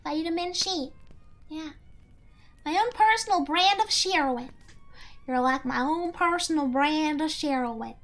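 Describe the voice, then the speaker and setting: Very high-pitched giggly streamer woman. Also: unhurried, long pauses, a bit bright, soft background music. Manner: giggly, playful, chatty. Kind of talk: casual live-stream chat.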